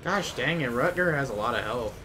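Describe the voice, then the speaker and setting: A man's voice: medium pitch, expressive, brisk, bright, forceful tone, slight background noise. A man streaming a video game, chatting casually and rambling off-topic, often trailing off mid-sentence. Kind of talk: casual gameplay commentary.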